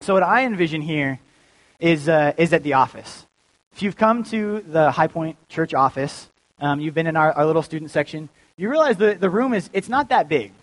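A man's voice: a little high, expressive, moderate pace, poor audio. A young man giving a casual, joking sermon as a youth pastor, full of fillers and restarts. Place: church.

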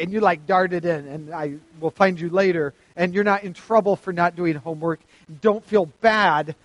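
A man's voice: sits high, brisk, no echo. A man preaching to teenagers in a casual youth sermon, chatty, acting out quotes and quizzing the crowd. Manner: chatty, acts out quotes, asks the crowd questions. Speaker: youth pastor.

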